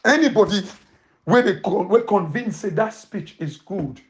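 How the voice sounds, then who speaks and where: A woman with a Sierra Leonean Krio accent delivers forceful political commentary in a mid-range voice. She presses her points with strings of rhetorical questions and slides easily between Krio and English. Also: mid-range voice, expressive, normal speed, noisy background.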